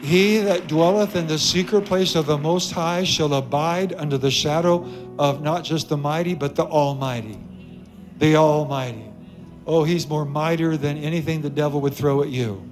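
A pastor delivers a lively sermon in a fairly high voice. He preaches with emphasis, doubling back on his key lines and teasing his listeners. Soft music sits faintly under him. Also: moderate pace. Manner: emphatic, repeats key phrases, jokes with the congregation. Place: church sanctuary with congregation.

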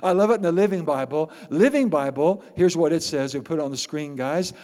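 A man preaching a sermon as pastor, animated and playful, repeating words for emphasis. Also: sits high, fairly quick, hardly any pauses. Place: church sanctuary. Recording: long reverb of a large hall.

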